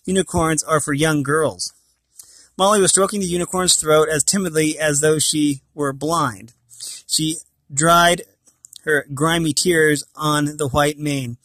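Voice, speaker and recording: A man with a fairly high voice reads a storybook aloud, stopping now and then to correct a word. The recording is close and dry, with no room sound. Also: a little slow, fairly bright tone, no room sound. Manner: stumbles and corrects himself mid-sentence. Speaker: reader of a novel.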